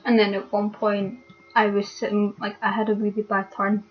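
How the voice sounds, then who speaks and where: A young woman talks hurt and upset into a webcam, her voice flat and even, stopping often and padding her speech with fillers. The sound is dull and lo-fi, like cheap webcam audio. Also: mid-range voice, a little hiss or hum. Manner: halting, filler-heavy, many pauses. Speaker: vlogger. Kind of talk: casual confessional vlog.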